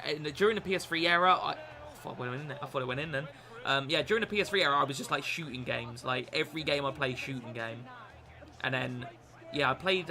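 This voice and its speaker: A young British man streaming a football game, swearing, self-mocking and excitable. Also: fairly high pitch. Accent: British English. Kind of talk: gaming live stream commentary.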